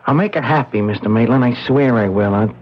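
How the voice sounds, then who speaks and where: A man's voice: medium pitch, lightly acted. An actor in his twenties playing an eager, hesitant young man in a radio drama, stammering and earnest. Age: 20s. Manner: stammering, earnest, halting restarts. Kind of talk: 1970s radio drama acting. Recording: dull lo-fi old radio recording.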